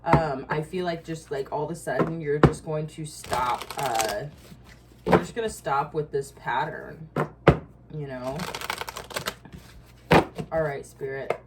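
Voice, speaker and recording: A woman's voice: sits low, slow, long pauses, heavy background noise. A woman giving a casual tarot reading, blunt and profane, with frequent asides and laughs. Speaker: tarot reader.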